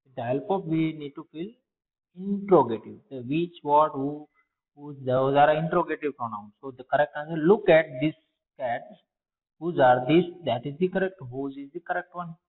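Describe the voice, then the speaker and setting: A man's voice: a little high, normal speed. A man with an Indian English accent, a teacher going through test answers for pupils and asking and answering his own questions. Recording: phone-like, long reverb.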